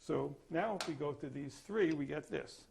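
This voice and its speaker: Gravelly older man teaching percussion. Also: on the high side, moderate pace, darkish tone, slight background noise. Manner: explains then sings or plays examples. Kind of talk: demonstrating master class.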